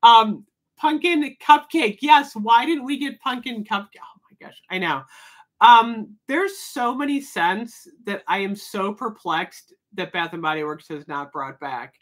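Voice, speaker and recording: A woman's voice: medium pitch, measured pace. A woman hosting a casual livestream, chatting and replying to viewer comments, often laughing. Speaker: livestream host. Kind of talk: casual live chat.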